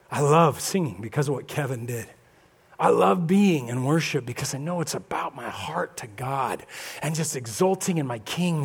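A man preaching a lively sermon as pastor, acting out little scenes and voices of churchgoers. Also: a little high, vocal fry, breathy edge. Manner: animated, acts out congregation voices. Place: church sanctuary.

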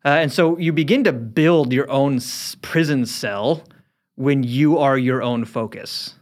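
A man on a casual studio podcast, earnest and opinionated, thinking out loud as he talks. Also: mid-range voice, a little slow. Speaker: podcast co-host. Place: recording studio.

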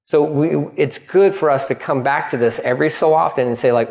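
A man preaching a sermon as pastor, animated and quick to act out voices, often restarting his sentences. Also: a little high, gravelly. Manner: animated, acting out voices in dialogue; frequent restarts and stumbles.

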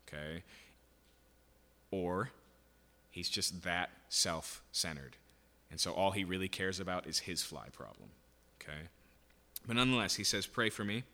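A man's voice: deep voice, animated, normal speed, long pauses, pushed and bright. A man teaching a Bible passage verse by verse in a conversational way, often checking in with "okay?" and "right?". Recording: long hall reverb.

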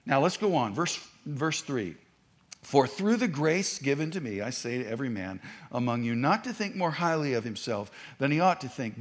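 A man preaching a sermon, talking in a conversational way with asides and restarts. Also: on the high side. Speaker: pastor.

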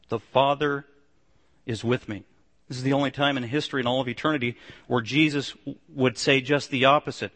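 A man preaching a sermon, swinging between loud emphatic declarations and low hushed passages. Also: fairly even intonation, brisk, long reverb tail. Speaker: pastor.

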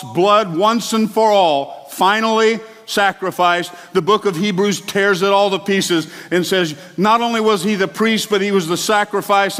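A male pastor delivering a sermon in a church, animated and exclamatory, with chatty asides to the congregation. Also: high voice. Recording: long hall reverb.

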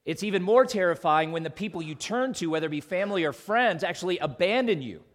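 A male pastor preaching a sermon to his congregation, earnest, with loud emphatic peaks and soft quiet drops. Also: sits high, animated, fast.

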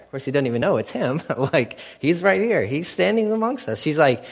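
A man preaching a sermon in an animated way, acting out the characters with sarcasm. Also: mid-range voice, fairly quick, hardly any pauses, husky, in a large hall.

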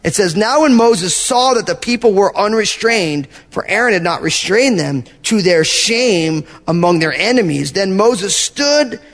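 A man pastor preaching a sermon, telling animated stories and acting out little asides to his congregation. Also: high voice, measured pace, hardly any pauses, in a large hall. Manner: animated storytelling with acted-out asides.

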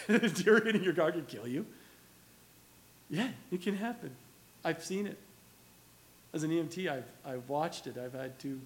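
A pastor preaching a sermon, telling stories in an animated way and chuckling now and then. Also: male voice, fairly high pitch, creaky.

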